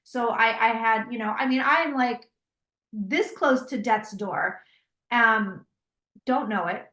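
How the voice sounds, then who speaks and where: A woman guest in an interview, telling a personal story in a casual, animated way and quoting herself in dialogue. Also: fairly high pitch, slow pace. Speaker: guest, psychic tarot reader. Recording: roomy echo.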